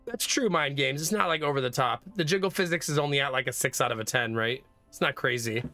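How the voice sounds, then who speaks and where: A male streamer and father talks casually to his chat while playing a visual novel, joking and laughing often. His voice is bright and dry, close to the mic, with faint game music underneath. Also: medium pitch, fast talker, no echo. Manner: joking, chatty, frequent laughter. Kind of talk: casual gameplay commentary.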